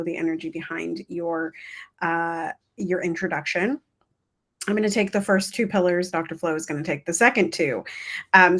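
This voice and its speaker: A woman hosting a coaching masterclass, teaching in a chatty, animated way. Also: lowish voice. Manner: chatty, animated, laughs and acts out examples. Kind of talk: casual livestream teaching.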